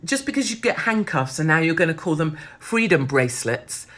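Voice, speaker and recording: A woman's voice: low voice, expressive, brisk, a bit bright. A woman, hosting a blunt, sweary, sardonic monologue. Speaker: host. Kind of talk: casual monologue.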